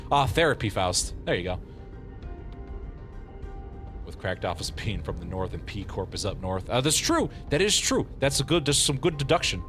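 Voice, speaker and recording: Man streaming a game, lively swooping voice, laughs a lot, exclaims, faint music underneath. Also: on the low side. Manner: playful, quick to laugh, exclaiming. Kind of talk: live game commentary.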